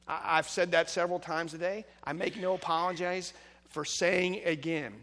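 Pastor preaching, male, higher voice, swings from quiet to loud, hall reverb. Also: steady tone, moderate pace. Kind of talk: sermon.

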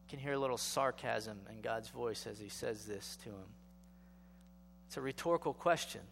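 A man's voice: medium pitch, moderate pace, creaky, fairly bright tone, big-room sound, slight background noise. A male pastor giving a sermon in a conversational style, asking rhetorical questions and building to emphatic exhortation.

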